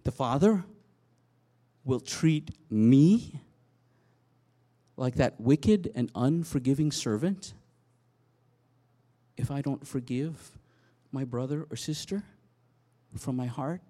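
A man preaching a sermon, telling a Bible story with animated storytelling and dramatic swings in loudness. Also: mid-range voice, slow pace, pauses often. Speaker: pastor.

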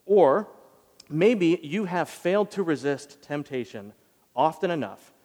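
A man delivers a sermon in a loose, conversational way, slipping into emphatic asides as he retells the story. His voice sits a little high for a man. A long reverb trails behind him, as in a large hall. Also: lively intonation, unhurried, darkish tone. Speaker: pastor.

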